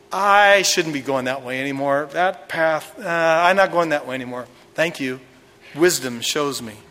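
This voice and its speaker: A man's voice: mid-range voice, a bit bright, in a large hall. A male pastor preaching a sermon, retelling a story dramatically with acted quotes.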